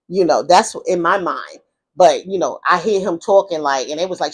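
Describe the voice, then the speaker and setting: An animated woman tells a story from her past straight to the camera. She rambles and restarts often, and her pitch leaps up whenever she acts out what other people said. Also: fairly quick, husky. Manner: animated retelling, acting out quoted voices in a high pitch; rambling with many fillers and restarts. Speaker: vlogger telling her life story. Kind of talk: casual storytime monologue.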